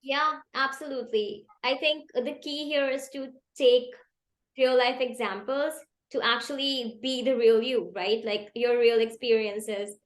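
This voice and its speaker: Higher-voiced woman moderator, roomy echo. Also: steady tone, measured pace. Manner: brief affirmations, long searching questions. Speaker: panel moderator. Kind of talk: interview questions.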